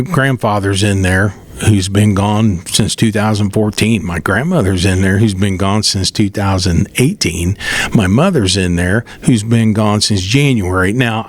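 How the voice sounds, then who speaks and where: Man, middle-aged, low-pitched, folksy rambling storyteller, casual podcast monologue. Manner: folksy, rambling, retells dialogue with raised voice. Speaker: podcast host.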